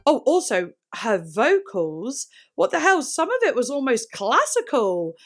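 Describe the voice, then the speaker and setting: A woman hosting a casual music reaction, excitable and rambling, with lots of "like" and sudden gasps. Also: sits high, a little slow. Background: faint music playing.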